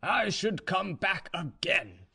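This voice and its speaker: Guy reading as a cocky serf, smug and easygoing, voice pitched up and swinging around. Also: very animated, takes it slowly, creaky, sharp tone, husky, heavily acted. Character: boastful contented male serf, drinking brandy.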